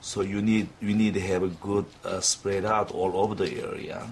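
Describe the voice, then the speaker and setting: Guy walking through a dental procedure, lowish voice, lots of uh's and restarts, faint hum behind. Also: flat delivery. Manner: halting, with frequent fillers and restarts. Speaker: dental instructor. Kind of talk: clinical demonstration lesson.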